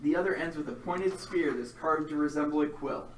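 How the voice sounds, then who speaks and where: A man's voice: a little high, background noise. Game master man in an echoey room. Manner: steady descriptive narration mixed with quick rule calls. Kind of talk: narrating a tabletop role-playing game. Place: room with several players. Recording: roomy sound from a distant mic, crowd chatter.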